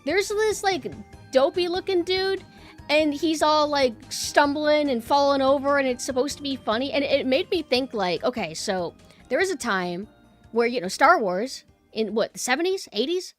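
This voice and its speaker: A woman's voice: high-pitched, animated, moderate pace, faint music behind. A young woman streamer chatting casually with her viewers and ranting bluntly, swearing freely.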